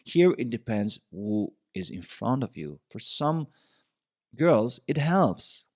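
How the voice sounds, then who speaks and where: A man's voice: mid-range voice, sing-song, slow pace, darkish tone, no echo, clean studio sound. Man musing on relationship advice. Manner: reflective, repeats himself, casual. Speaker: podcast host.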